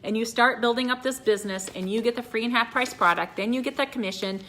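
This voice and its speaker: Talking fast in a slightly high, sharp voice, a middle-aged woman who works in direct sales earnestly motivates her team. She keeps repeating phrases, addresses everyone as "you guys," and sometimes gets teary.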